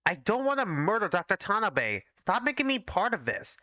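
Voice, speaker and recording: A man's voice: sits high, big pitch swings, normal speed, sharp tone, no echo, pitched above the performer's own voice, heavily acted. Anxious young female doctor, read by a man, flustered objections, slightly lo-fi. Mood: upset.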